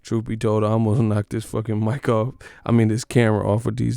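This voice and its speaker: Male channel host doing loose, cursing boxing commentary; smooth voice, close dry mic. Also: on the low side, level tone, a little fast, mellow, no room sound. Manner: profane, joking, trash-talking. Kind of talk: casual boxing commentary rant.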